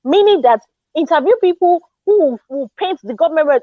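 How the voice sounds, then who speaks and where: A Nigerian woman with a fairly high voice tells a story in an indignant, animated way and drops into Pidgin now and then. The sound is dry and close but dull and lo-fi, like a live audio chat room. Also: brisk, no room sound. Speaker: Twitter Space speaker. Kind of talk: casual storytelling rant.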